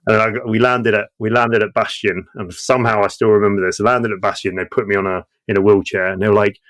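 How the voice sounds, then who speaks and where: Talking fast with a lowish, fairly bright voice and fairly even intonation, a British guest veteran in his thirties shares war stories casually. His telling is full of profanity, impersonated voices, and frequent laughter.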